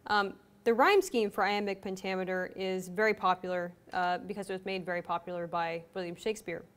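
Young woman, lowish voice, relaxed writing lesson, casual delivery with fillers. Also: fairly quick. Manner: casual, relaxed with frequent ums and uhs. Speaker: writing instructor. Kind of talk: instructional video explanation.

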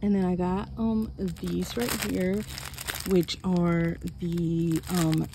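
A woman chatting through an unboxing haul at home, excitable and chatty, gasping and exclaiming over each item. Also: lowish voice, slow pace, background noise. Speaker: haul vlogger. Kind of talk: casual unboxing chat. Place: home room.

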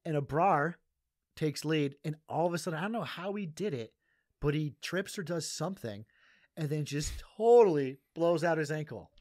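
A man's voice: on the high side, lively intonation, moderate pace, darkish tone, dry recording, studio quality. A young adult male comedian from Massachusetts who tells a podcast story casually and rambles, laughing often and asking "you know what I mean". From Massachusetts, USA. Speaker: comedian guest.

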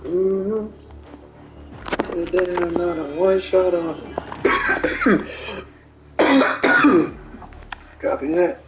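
A woman's voice: on the low side, extremely slow, long pauses, heavy background noise. A woman giving casual gameplay commentary, cursing freely, laughing often and retelling trash talk as quoted back-and-forth. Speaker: gamer.

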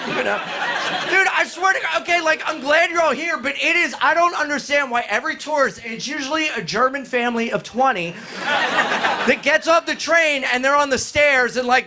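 A man performing a live stand-up set, loud and profane, talking to the crowd and breaking into shrieking bits. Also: very high voice, normal speed. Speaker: stand-up comedian. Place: comedy club with live audience. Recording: noisy live club recording.

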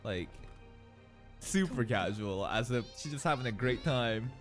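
A man hosting an anime reaction video, excitably thinking out loud and laughing often. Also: medium pitch, normal speed, soft background music. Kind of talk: live reaction commentary.

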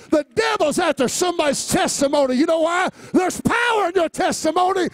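A male pastor preaching a sermon, moving between quiet personal storytelling and shouted, rising refrains, with easy laughs along the way. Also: very high voice, fairly quick, vocal fry. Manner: laughs easily between lines.

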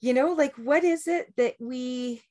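A woman's voice: sits high, measured pace, a little mellow. Rambling woman coaching on habits. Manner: rambling, with many restarts and "right?" check-ins. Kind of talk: casual group talk before a meditation.

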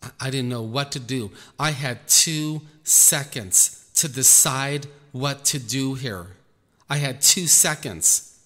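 A man, a Christian minister, telling a personal testimony in an earnest, halting way, repeating words as he goes. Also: medium pitch, sharp tone. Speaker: Christian minister recounting an experience. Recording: echoey room, faint music behind.

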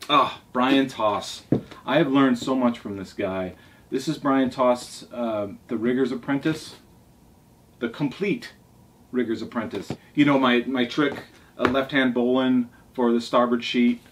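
A man who sails, showing off his favorite books in a casual, rambling way, talking eagerly and often restarting his sentences. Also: mid-range voice. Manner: enthusiastic, rambling, with restarts and asides. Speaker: sailing vlogger showing his library. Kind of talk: casual show-and-tell. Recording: distant mic, faint background noise.

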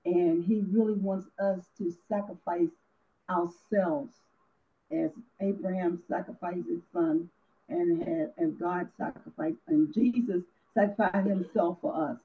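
Female study participant, lower voice, earnest, heard over a thin phone line. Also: steady tone, a little slow. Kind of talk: group discussion.

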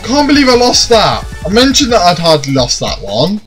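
A man commentating his own gameplay, often frustrated, swearing and shouting at the game. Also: sits high, huge pitch swings, moderate pace, soft background music. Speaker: gaming YouTuber. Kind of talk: let's play commentary.

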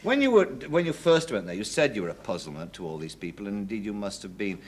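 A man interviewing a guest, asking probing, polite questions with halting restarts. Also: on the low side, sing-song.

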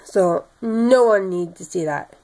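Young woman vlogger, tired, monotone delivery, slow pace, lots of ums. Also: medium pitch. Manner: monotone, many fillers. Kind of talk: casual vlog sign-off.

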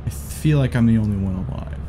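A man in casual gaming chat with friends, loud and swearing as he exclaims. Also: fairly low pitch, quick pace, background noise. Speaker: gamer.

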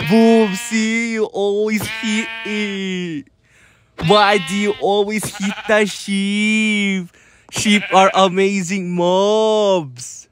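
Very slow, scolding comedy narrator. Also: medium pitch, fairly even intonation, noisy background. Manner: scolding, repeats the same warnings over and over. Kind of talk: repetitive scolding commentary over gameplay.

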